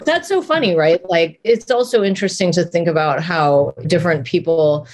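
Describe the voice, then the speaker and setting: A middle-aged woman chats as a podcast co-host, telling stories in an animated way. She laughs easily, and her voice sits a little low for a woman. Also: normal speed. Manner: lively, laughing, animated storytelling. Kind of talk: casual conversation.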